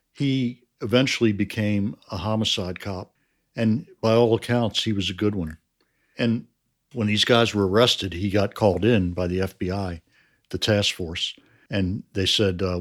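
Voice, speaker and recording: Man, lowish voice, measured, explanatory, interview guest. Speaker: writer of a crime series. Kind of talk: interview answers.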